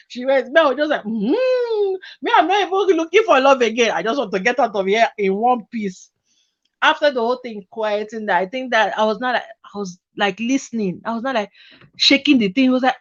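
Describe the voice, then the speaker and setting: A woman's voice: high-pitched, normal speed. A woman, hosting a casual chat and telling a personal story with lots of laughter and acted-out voices. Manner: animated, laughs often, acts out voices in her story. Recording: dull lo-fi recording.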